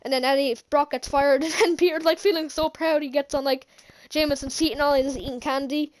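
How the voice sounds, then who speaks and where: A woman's voice: sits high, fairly even intonation, fairly quick. A woman recapping a movie in a casual, rambling way, laughing often and restarting her sentences. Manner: rambling, giggly, many restarts. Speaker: movie reviewer.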